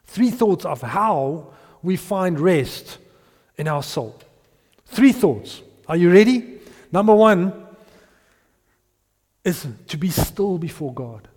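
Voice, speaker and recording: Lively high-voiced South African pastor. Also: male voice, slow, pauses often, slightly rough, big-room sound. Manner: animated, repeats himself, laughs between points, drops to hushed tones. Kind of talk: sermon.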